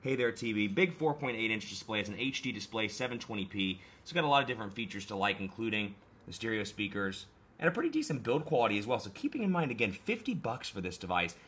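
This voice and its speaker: Young guy kinda hoarse, fighting a cold, rattles through phone features fast, low-ish voice. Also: very animated, fairly bright tone. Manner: brisk, conversational, pointing out features. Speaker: tech reviewer. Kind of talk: casual product unboxing walkthrough.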